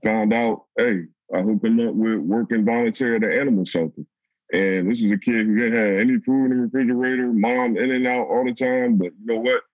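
A man's voice: medium pitch, steady tone, brisk, dry recording, highs cut off. A man, a youth coach, earnestly sharing practical advice about helping kids cope. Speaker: youth coach on a podcast panel.

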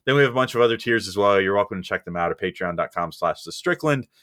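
A man's voice: lowish voice, expressive, quick pace, a bit bright, dry recording, studio quality. A man hosting a casual podcast, rambling and joking, laughing easily as he moves between topics. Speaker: podcast host.

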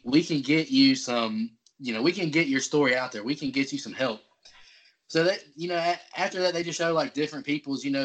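A man's voice: medium pitch, fairly bright tone. A man co-hosting a casual podcast, loosely retelling movie scenes with plenty of fillers and restarts. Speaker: podcast co-host. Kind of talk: casual chat recapping film scenes.

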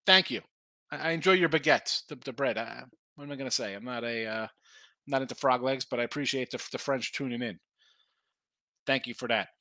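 Bright-voiced man rambling through betting picks. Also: mid-range voice, no room sound, rough recording. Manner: rambling, joking asides with quick rundowns of lines and odds. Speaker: sports betting picks host. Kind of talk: casual livestream chat.

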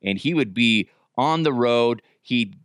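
A man in his thirties tells old radio stories, rambling and swearing freely. He jumps in pitch when he gets excited and keeps restarting his sentences. His voice sounds close and dry. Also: a little slow, clean tone, no echo. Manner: rambling, profane, animated, self-correcting. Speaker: podcast host, former radio producer. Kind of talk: casual storytelling.

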